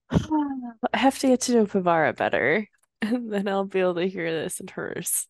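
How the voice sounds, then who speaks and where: A woman from the US Midwest, co-hosting a casual book podcast, playful and quick to drift off topic. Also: mid-range voice, big pitch swings, no echo, studio quality. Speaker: podcast co-host reading a book aloud. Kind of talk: casual book-club chat and reading aloud.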